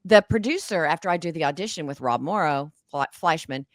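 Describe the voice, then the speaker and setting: Animated lowish-voiced woman telling her story. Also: brisk, no room sound. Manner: animated, dramatic, acts out past conversations. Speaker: guest, actress and author. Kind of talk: emotional storytelling in an interview.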